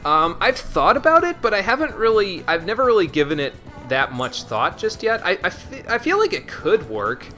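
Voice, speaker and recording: A man's voice: high-pitched, very animated, normal speed, hardly any pauses, bright, forceful tone, soft background music. A man giving casual live-stream commentary on a game, chatting to viewers in a self-deprecating way. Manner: chatty, answers chat, self-deprecating with restarts.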